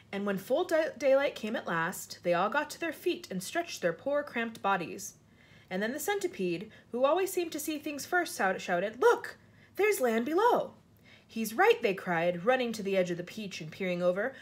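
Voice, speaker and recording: A woman reading a children's storybook aloud, jumping her pitch up high for the characters' lines. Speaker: reader of a children's book.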